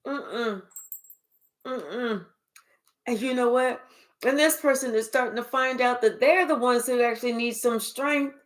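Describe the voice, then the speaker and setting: Woman, high voice, unhurried, casual spiritual reading, animated and profane. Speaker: spiritual reader. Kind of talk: casual live reading monologue.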